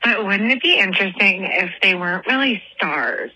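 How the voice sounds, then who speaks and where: A woman's voice: mid-range voice, animated, moderate pace, bright, forceful tone, breathy edge, no room sound, poor audio. A young woman leaving a rambling, apologetic voicemail outdoors at night, telling a personal story and giggling as she goes. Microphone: phone voicemail.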